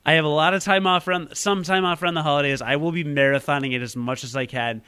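A young man hosting a podcast talks casually and at length. His voice is slightly high and recorded dry and close. He is self-deprecating and laughs easily. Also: fairly even intonation, fast talker, bright, forceful tone, clean tone, no room sound. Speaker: podcast host.

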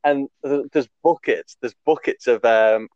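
A man's voice: mid-range voice, measured pace, a little mellow, no echo. Young guy rambling through a funny travel story, swears a lot, dry slightly dull mic. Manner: rambling, laughing, lots of fillers and swearing. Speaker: podcast co-host. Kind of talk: casual storytelling chat.

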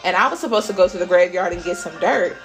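A woman's voice: lowish voice, expressive, fast talker, soft background music. Blunt, profane woman podcaster. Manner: blunt and profane, swears freely. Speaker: podcast host. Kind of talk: casual spiritual pep talk.

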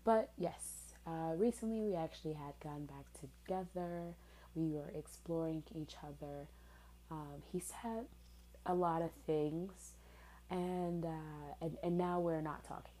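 A woman's voice: low voice, fairly even intonation, unhurried, warm tone, rough recording. A woman in her twenties telling a personal story in a candid, sarcastic way, swearing casually. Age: 20s.

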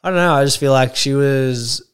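A man's voice: mid-range voice, moderate pace, clean tone. A man co-hosting a podcast, dry and laid-back, chuckling through casual banter. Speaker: podcast co-host.

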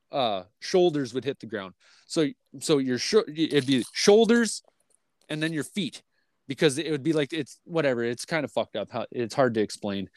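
Man, rambling profane storyteller, slightly high voice, dry close recording. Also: no echo. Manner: rambling, profane, many fillers and restarts. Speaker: podcast host. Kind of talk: casual storytelling.

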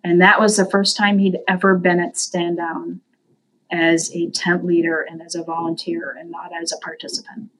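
A woman's voice: normal speed, slight background noise, rough recording. Earnest woman telling a story. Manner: animated, voices the people in her story with big pitch jumps. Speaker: guest from a veterans' services group. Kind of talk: storytelling in an interview.

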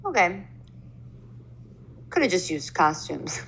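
A woman's voice: lowish voice, big pitch swings, slow pace, a bit bright, a little hiss or hum, low-quality recording. A young woman co-hosting a podcast, chatting casually in an easygoing, joking way that sometimes trails off. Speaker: podcast co-host. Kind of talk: casual chat.

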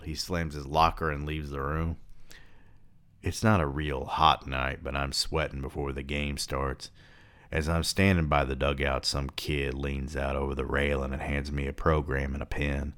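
A man with a very deep, smooth and resonant voice reads a novel aloud. He stops now and then for relaxed commentary and swearing asides. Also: normal speed. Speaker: reader and book commentator.

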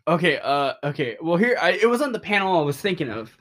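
A young adult man hosting a podcast, recapping a comic in a rambling, excitable and openly emotional way, full of fillers and restarts. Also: a little high, quick pace. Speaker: podcast host.

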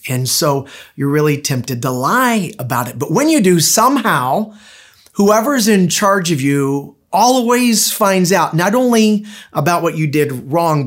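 A middle-aged man preaching a sermon as pastor, in a conversational, anecdotal way with frequent restarts. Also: a little high.

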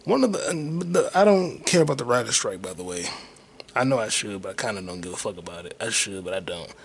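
A man's voice: fairly low pitch, lively intonation, brisk, breathy edge. A man hosting his own podcast solo, rambling casually and profanely while muttering to himself as he searches online. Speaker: podcast host.

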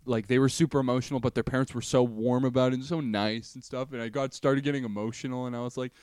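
A man's voice: mid-range voice, fairly even intonation, quick pace, a little mellow, clear, resonant tone, no echo, studio quality. A man co-hosting a podcast in casual chat, joking, mocking himself and swearing freely. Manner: joking, self-mocking, profane. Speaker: podcast co-host.

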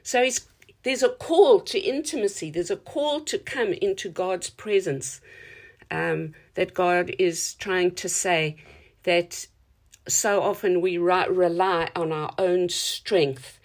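A woman's voice: on the low side, takes it slowly. A woman preaching a sermon in an earnest, reflective teaching tone.

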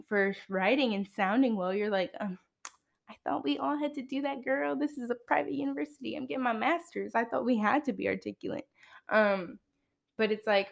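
A woman in her twenties talking frankly on her podcast in a casual monologue, with wry asides. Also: fairly high pitch. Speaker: podcast host.

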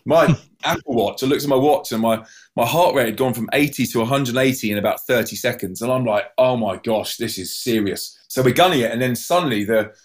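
A man telling a personal story in an animated way, stumbling over restarts and acting out other people's cries. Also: fast. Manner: acts out voices with sudden high yelps; many restarts and repeated words.

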